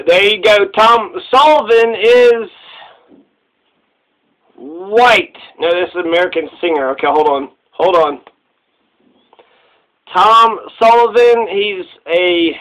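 A man with a high voice rambles through casual commentary. He repeats himself and sounds sarcastic. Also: takes it slowly, pauses often, fairly bright tone, poor audio.

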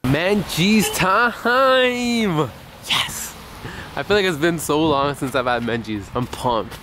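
A playful young man chatting to camera in a casual vlog, with a middle-range voice. He jokes around and repeats words for comic effect. Clear noise, like car road rumble, sits behind him. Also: animated, fairly quick, roomy sound. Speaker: vlogger. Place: in a car, then at home. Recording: noisy, car ambience behind.

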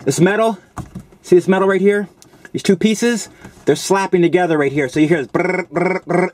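A man's voice: high voice, brisk, a little mellow, no room sound. A man vlogging a car audio demo outdoors, talking loosely and casually while he works, a little out of breath, on a handheld camera mic. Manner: loose, chatty, explaining while working. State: slightly out of breath. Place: outdoors by a car on a sunny street.

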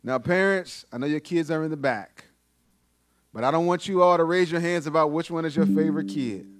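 Preaching with energy and emphasis, a pastor repeats his lines to drive them home inside a church sanctuary. He speaks a little fast, in a slightly high voice.

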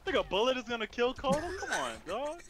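A man's voice: extremely high pitch, very animated, quick pace, a loud crowd. A man co-commenting on a fighting game in laid-back, joking banter. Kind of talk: casual esports commentary. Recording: noisy mic with clicks.

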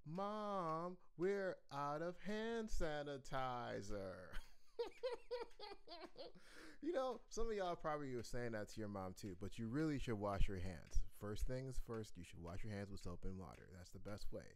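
Animated male music teacher. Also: fairly low pitch, brisk, few pauses. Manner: animated, playful, chanting rhythms. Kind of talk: online music lesson.

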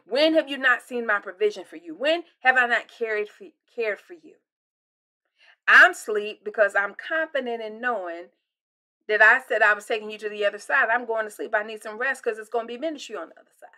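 A woman voicing a calm, confident male teacher figure in a sermon, talking quickly and in a matter-of-fact, mildly scolding way. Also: on the high side. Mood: calmly chiding.

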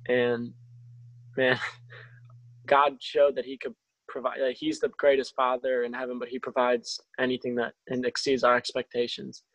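A young man sharing a personal faith testimony over a video call, halting, with many restarts and fillers. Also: mid-range voice, completely flat delivery, a bit bright, no echo, poor audio. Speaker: testimony speaker.

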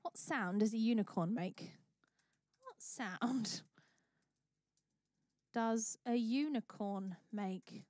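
A woman's voice: mid-range voice, a little mellow, no echo, studio quality. A woman hosting a charity livestream, chatting bubbly and thanking viewers by name. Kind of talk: live-stream chat.

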